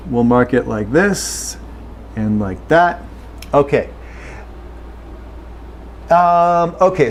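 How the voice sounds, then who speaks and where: A man teaching English pronunciation, patiently saying phrases slowly and then at normal speed. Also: on the high side, darkish tone, slight background noise. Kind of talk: pronunciation lesson.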